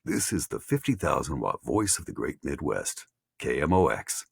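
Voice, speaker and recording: A man imitating a formal radio station announcer with a smooth, measured broadcast delivery. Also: very deep voice, big pitch swings, no room sound, exaggerated voice.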